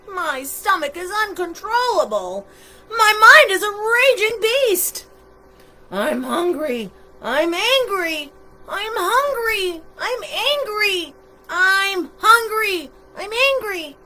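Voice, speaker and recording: A woman voicing a hungry, angry male monster from a picture book, loud and drawn out. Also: very high voice, big pitch swings, slight background noise, voice pushed up, full character voice. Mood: ravenous. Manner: loud, drawn-out, bellowing demands.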